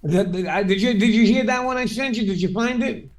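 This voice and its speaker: A man hosting a live stream in casual chat, retelling stories in an animated way and cursing freely. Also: high-pitched, fairly quick, soft background music. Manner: animated storyteller, swears freely.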